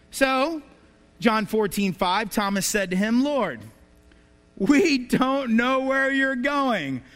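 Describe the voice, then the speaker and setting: A pastor with a high, light, fairly bright voice delivers a sermon to his congregation, weaving in anecdotes and rhetorical questions. A long reverberant tail follows his words, as though he stands in a large church sanctuary.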